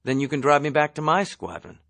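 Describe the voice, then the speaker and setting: Male reader plays a nervous young airman, high, shouty and pleading, storybook audiobook. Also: sing-song, fairly quick, no room sound. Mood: urging. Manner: pleading, increasingly alarmed shouting.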